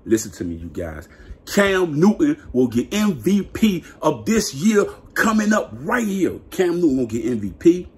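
A man vlogging a hyped, slangy football rant, laughing and repeating himself in his excitement. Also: fairly high pitch, normal speed. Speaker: sports vlogger.

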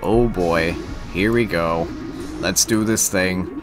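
Gushing, excited male gamer. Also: low-pitched, slow, over music. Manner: gushing, exclamatory, loud bursts. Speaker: let's-play gamer. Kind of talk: excited gameplay commentary.

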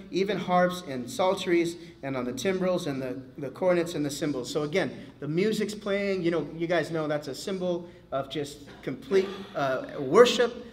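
A man leading a men's Bible study in an animated, casual way, acting out quotes as he teaches. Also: sits high. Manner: animated, casual, acts out quotes, many fillers.

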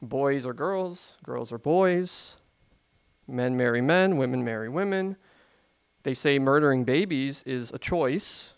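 A pastor preaching a sermon in a conversational, emphatic way, full of rhetorical questions. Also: male voice, mid-range voice, expressive, slow pace, smooth.

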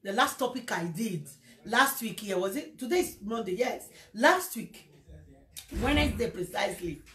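A woman with a Nigerian accent telling a personal story in a casual livestream, animated and slipping into Pidgin. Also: medium pitch, normal speed. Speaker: social media presenter. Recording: echoey room.

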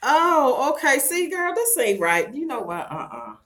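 A woman's voice: high-pitched, big pitch swings, measured pace, a bit bright. A middle-aged woman with a Baltimore accent, chatting sassily with viewers on a casual livestream vlog. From Baltimore, USA. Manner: sassy, chatty, calls viewers girl and child. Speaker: livestream vlogger.

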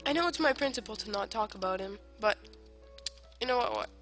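A woman giving casual gameplay commentary, rambling in silly self-talk and arguing with herself, swinging between whispered asides and loud outbursts. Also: mid-range voice, expressive, fairly quick, faint music behind. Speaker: gamer playing online survival matches. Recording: noisy home recording with clicks.

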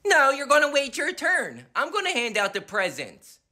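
A woman's voice: high-pitched, huge pitch swings, normal speed, bright, forceful tone, pitched below the performer's own voice, full character voice. A woman doing a dismissive, offhand mom. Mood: scolding. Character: dismissive mother who favors her baby daughter. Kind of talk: comedy skit voice acting.

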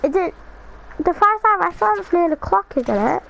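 A young woman chatting casually while playing an online game, excitable and jumpy, with squealing reactions. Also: very high-pitched, normal speed, gravelly, slight background noise, low-quality recording. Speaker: gamer. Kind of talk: casual gaming chat.

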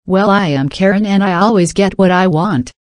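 A woman's voice: medium pitch, moderate pace, no room sound, natural voice. A woman playing an entitled, pushy middle-aged woman who talks in an indignant, demanding, scolding way.

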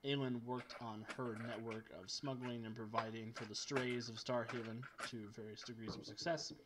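A man's voice: medium pitch, little pitch movement, normal speed, heavy background noise. A man serving as game master, upbeat and teasing as he recaps the last session of a tabletop game.

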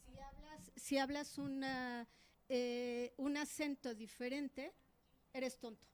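A woman's voice: sits high, steady tone, unhurried. A woman taking part in a workshop, earnestly making a point in class before putting her question to the lecturer. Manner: earnest, explains a point at length then asks. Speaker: workshop participant. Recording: distant roomy classroom recording with background noise.

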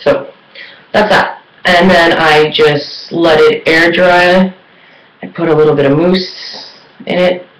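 A woman's voice: fairly low pitch, fairly even intonation, slow pace. Chatty woman vlogger, echoey room. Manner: chatty and rambling, many fillers. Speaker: beauty vlogger. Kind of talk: casual vlog chat.

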